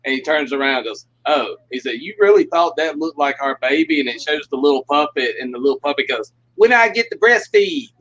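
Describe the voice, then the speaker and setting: A man's voice: medium pitch, fairly bright tone. A man on a livestream call, telling long folksy stories and laughing often as he goes. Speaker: guest puppeteer. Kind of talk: casual livestream chat, storytelling. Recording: muffled lo-fi audio.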